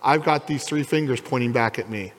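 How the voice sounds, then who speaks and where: A man's voice: medium pitch, brisk, in a large hall. A man preaching a sermon as pastor in a church, acting out the voices of the people in his story. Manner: animated preaching, acts out quoted voices. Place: church sanctuary.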